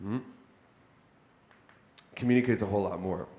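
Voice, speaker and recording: A man with a fairly low, dark-toned voice speaks at normal speed, leading a live content-creation workshop in an echoey room. He keeps it conversational and asks the audience questions.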